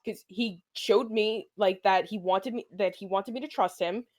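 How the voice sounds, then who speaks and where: Animated New woman telling a story. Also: medium pitch, a little slow. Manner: animated, profane, acts out quoted dialogue. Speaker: podcast co-host. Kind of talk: casual storytelling chat.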